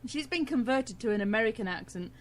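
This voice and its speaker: A woman's voice: a little high, expressive, quick pace. Cheerful British woman co-hosting radio. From Britain. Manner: cheerful, laughs often. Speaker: radio show co-host. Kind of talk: casual radio chat.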